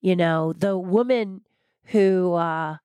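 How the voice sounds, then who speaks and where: Emphatic, animated woman telling stories. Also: lowish voice, slow pace, smooth, no echo. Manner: emphatic, repeats words for effect. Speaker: interview guest. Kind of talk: animated motivational storytelling.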